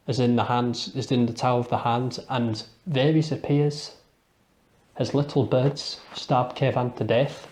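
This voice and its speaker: A young man with a Scottish accent talks through a TV episode in a casual live commentary. He rambles, restarts his sentences and drops in small laughs, with a voice of ordinary middle pitch. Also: darkish tone. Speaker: TV episode reviewer.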